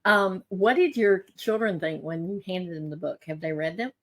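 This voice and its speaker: A woman's voice: on the low side, normal speed. A woman hosting a podcast interview, asking questions and affirming her guest. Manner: affirming, animated when echoing others. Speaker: podcast host. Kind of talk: conversational interview.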